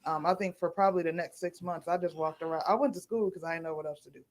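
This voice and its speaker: A middle-aged woman from Niagara Falls, New York, a radio show guest who tells a personal story in an animated way, acting out other people's voices and laughing as she talks. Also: on the low side, fast talker, a little hiss or hum. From Niagara Falls, New York, USA. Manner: animated, acts out quoted voices, laughs while telling.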